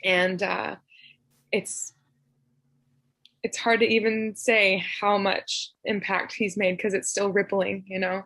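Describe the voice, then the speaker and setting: A woman from Tennessee giving a heartfelt personal remembrance over a video call, speaking softly and haltingly with frequent laughter. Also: medium pitch, level tone, dry recording. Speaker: memorial speaker.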